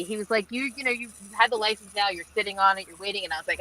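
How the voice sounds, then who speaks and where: A young woman, a marine engineer, answering webinar questions over a video call in a chatty storytelling way with lots of fillers and lively quoted dialogue. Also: mid-range voice, rapid-fire, few pauses, poor audio.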